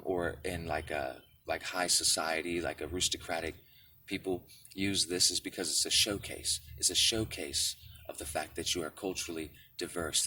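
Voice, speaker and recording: A man's voice: deep voice, pushed and bright, far from the mic, a little hiss or hum. A man from Michigan giving a casual spiritual talk to camera, often checking in with the listener with "right?" and "okay?". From Michigan, United States. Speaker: spiritual video creator.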